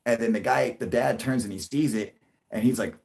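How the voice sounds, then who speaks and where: A young man telling a long story to his livestream viewers, rambling and swearing, with many restarts and sudden loud bursts. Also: a little fast, creaky. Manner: rambling, profane, restarts a lot, jumps into loud high bursts for quoted voices. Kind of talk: casual storytelling to a live audience.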